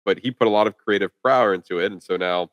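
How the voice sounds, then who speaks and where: A man co-hosts a casual movie-review chat, talking quickly and piling up "like" as he goes. His voice sits on the low side, and the recording is dry and close with no room sound. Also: no echo, lo-fi sound. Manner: rambling, filler-heavy with lots of "like". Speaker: podcast co-host.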